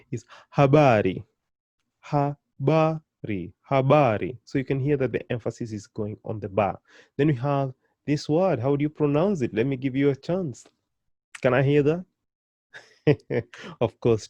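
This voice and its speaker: A man teaching an online beginners' language lesson, encouraging and patient, repeating and drilling each word slowly. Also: mid-range voice, warm tone, no room sound.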